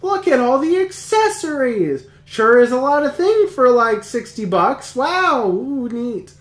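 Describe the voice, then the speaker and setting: A man voicing a gushing teenage high school girl with high, squealing excitement. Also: slow pace, roomy sound, full character voice.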